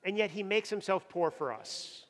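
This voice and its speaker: A man's voice: high voice, animated, moderate pace, fairly bright tone. A man preaching a sermon with emphasis, often repeating words as he builds up. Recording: long hall reverb.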